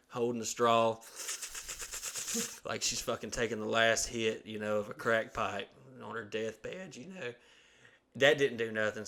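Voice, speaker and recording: A man, from Alabama, hosting a podcast and telling a long story in a casual, profane way, acting out the voices of the people in it. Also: mid-range voice. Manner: profane, animated storyteller who acts out quotes. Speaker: podcast host.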